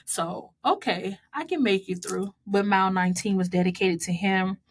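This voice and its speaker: A woman in her thirties from the United States, casually and warmly recapping her marathon, laughing often as she dedicates each mile to loved ones. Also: medium pitch, moderate pace, slight background noise.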